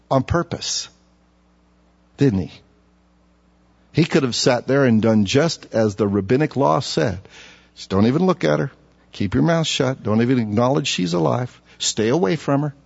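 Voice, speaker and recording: Husky, animated male preacher. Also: medium pitch, normal speed, long pauses. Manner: animated, conversational, emphatic rhetorical questions. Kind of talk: expository sermon. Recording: dull lo-fi recording.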